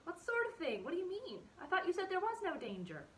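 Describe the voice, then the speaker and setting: Calm caring boy rabbit, firm and reassuring, bright voice, a woman reading it. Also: extremely high pitch, fairly quick, a little hiss or hum, pitched above the performer's own voice, heavily acted, rough recording. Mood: friendly. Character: steady young male rabbit, caring and firm.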